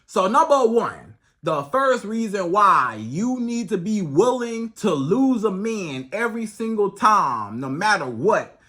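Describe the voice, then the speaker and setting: A man's voice: high voice, fairly bright tone. A man giving blunt, repetitive, slangy relationship advice in a casual monologue. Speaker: relationship coach.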